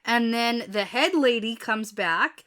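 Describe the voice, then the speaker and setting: A woman's voice: on the high side, animated, slow pace, a bit bright. A woman co-hosting a podcast, chatting casually about a novel, recapping the plot and laughing easily. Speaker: podcast co-host. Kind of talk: casual book-discussion chat.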